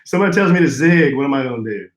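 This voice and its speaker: A man's voice: racing, echoey room. A man co-hosting a casual podcast chat, telling jokey stories with big swings in his voice. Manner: animated, jokey storytelling with big pitch jumps. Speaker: podcast co-host.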